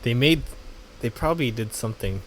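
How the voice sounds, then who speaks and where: A man's voice: medium pitch, animated, a little fast, fairly bright tone, a little hiss or hum. A man co-hosting a casual podcast chat, joking and laughing as he goes. His voice swings widely up and down, and he often stumbles over his words. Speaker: podcast co-host. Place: California.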